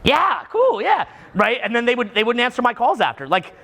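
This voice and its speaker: Seminar speaker, male, from Canada: high, lively pitch, acts out the people he describes. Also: quick pace. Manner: animated, acts out what people say, frequent restarts. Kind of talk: live seminar talk to an audience.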